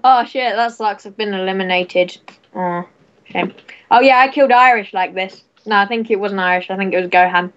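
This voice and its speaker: A woman on casual voice chat while playing an online game, teasing and cheering loudly and swearing often. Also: mid-range voice, moderate pace. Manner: rowdy, profane, teasing, cheering others on. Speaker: player in an online wrestling game. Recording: slightly muffled voice chat.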